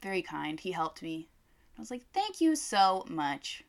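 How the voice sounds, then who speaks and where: Animated, swearing woman telling a story. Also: on the low side, unhurried, gravelly. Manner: animated storyteller, swears freely, acts out quotes. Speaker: co-host. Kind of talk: casual chat.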